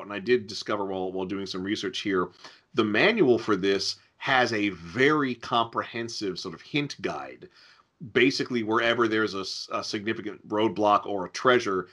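A man co-hosting a casual podcast chat about old adventure games, wry and quick to laugh. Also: lowish voice, sharp tone. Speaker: podcast co-host.

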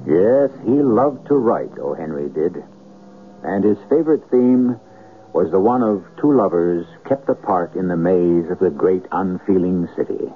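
Brief: male radio drama host, low voice, reflective scripted delivery, phone-thin lo-fi audio. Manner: measured, reflective. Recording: lo-fi old radio broadcast with faint hiss.

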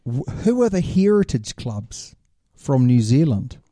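A man's voice: medium pitch, very animated, a little slow, mellow, no echo, clean studio sound. A man co-hosting a podcast, chatting casually and explaining his points at length. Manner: explains at length, setting up questions. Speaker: podcast co-host. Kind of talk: casual chat.

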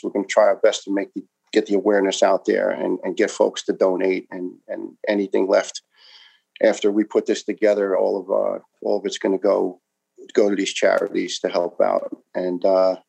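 A man's voice: lowish voice, vocal fry, mellow, low-quality recording. A man in his fifties from New York, a retired firefighter telling his story in an interview with passion, emphasis and frequent restarts.

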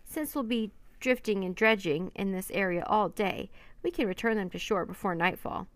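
A woman voicing a courteous, formal Victorian gentleman scientist in a storybook. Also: mid-range voice, moderate pace, no echo, natural voice. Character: earnest Victorian gentleman scientist, polite, kindly.

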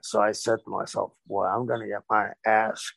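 A former pro wrestler tells stories in a relaxed interview, acting out each line of dialogue with animated flair. His voice is lowish and gravelly, at a moderate pace, in a dry recording.

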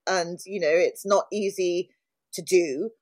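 A woman's voice: on the low side, fairly even intonation, a little slow, darkish tone. A woman hosting a podcast interview, reflective and admiring, repeating phrases for emphasis. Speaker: podcast host.

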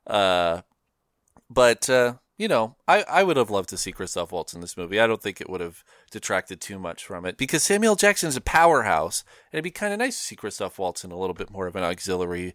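A man's voice: fairly low pitch, sing-song, brisk, a bit bright, no echo, clean studio sound. A man co-hosting a podcast, chatting casually about films, rambling with lots of fillers and frequent laughs. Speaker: podcast co-host. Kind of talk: casual film discussion.

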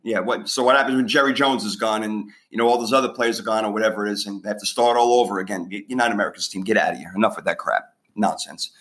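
Sports talk host, male, bright forceful tone, emphatic ranter. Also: fairly low pitch, fairly even intonation. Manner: emphatic, ranting, quick to laugh. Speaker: podcast host. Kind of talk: casual sports chat.

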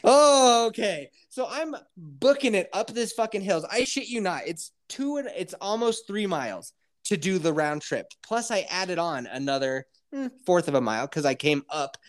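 A man hosting a podcast, telling a story in a casual, animated way, full of swearing and acted-out quotes. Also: sits high, normal speed. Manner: animated, profane, acts out quotes. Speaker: podcast host.

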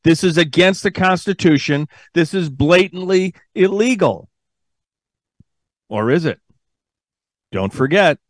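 A man's voice: medium pitch, dry recording, clean studio sound. Emphatic male talk radio host. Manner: emphatic, sarcastic, building to strong emphasis. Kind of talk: opinionated talk radio monologue.

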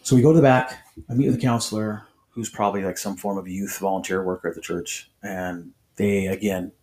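A man's voice: deep voice, steady tone, brisk, darkish tone. A man on a podcast telling his personal faith testimony in an earnest, conversational way, full of restarts and voiced quotes. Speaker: podcast guest.

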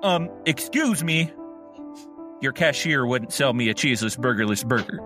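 A man's voice: mid-range voice, lively intonation, moderate pace, over music, natural voice. A man voicing an entitled, indignant middle-aged woman customer who talks in a huffy, demanding way.

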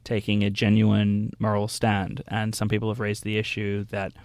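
A man's voice: lowish voice, completely flat delivery, moderate pace, vocal fry, darkish tone, no echo, clean studio sound. A man on a radio panel discussion who makes his points bluntly and argumentatively.

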